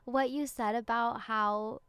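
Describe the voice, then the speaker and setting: Young woman co-host, supportive casual talker, bright-ish clear tone, dry studio sound. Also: on the high side, steady tone, slow, no room sound. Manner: warm, supportive listener, casual filler-heavy talk. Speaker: podcast co-host. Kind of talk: casual chat.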